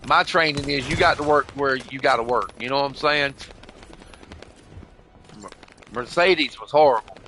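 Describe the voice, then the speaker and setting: Over slight background noise, a mid-range, bright voice with a forceful tone belongs to an older man gaming on voice chat. He rambles through a casual, emotional story, cursing and saying "bro" and "you know what I mean" again and again.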